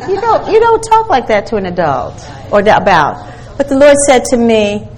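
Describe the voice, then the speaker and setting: Older woman preacher, fairly high voice, emphatic, questions the room. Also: big pitch swings, moderate pace, some chatter behind, low-quality recording. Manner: emphatic, asks the audience questions, quotes scripture. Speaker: women's ministry speaker. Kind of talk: sermon.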